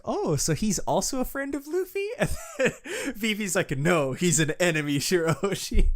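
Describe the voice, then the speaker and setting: An excitable man chatting on a podcast, swearing freely and jumping into quick impressions of characters. His voice sits at an ordinary middle pitch. He talks in a loose, rambling way, full of fillers. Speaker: podcast co-host. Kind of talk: casual chat.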